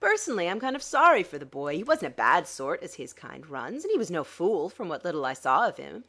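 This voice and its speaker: In a dramatic audiobook reading, a woman narrator voices a cool, scheming male swindler who is dry, condescending and smug. Her lowish voice is exaggerated and fairly quick, lilting up and down with animated sarcasm.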